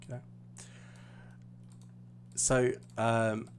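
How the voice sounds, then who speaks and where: Casting: British male English tutor, unhurried, low warm voice, on a live stream. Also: gravelly, a little hiss or hum. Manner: explaining patiently, hesitant fillers. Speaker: IELTS teacher.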